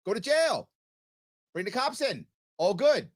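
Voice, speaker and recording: Male talk radio host, sarcastic, argumentative, lively pitch, dry studio sound. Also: a little slow, no echo.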